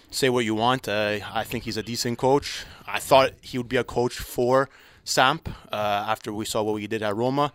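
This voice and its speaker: A man co-hosting a podcast in casual sports chat, talking hesitantly with many pauses and restarts. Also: on the low side, a bit bright, clean tone. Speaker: podcast co-host.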